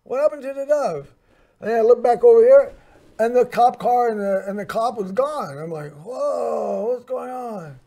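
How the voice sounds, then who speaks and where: High-voiced rambling male storyteller. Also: normal speed, mellow. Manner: rambling, with many fillers and restarts. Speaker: host. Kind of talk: personal storytelling monologue.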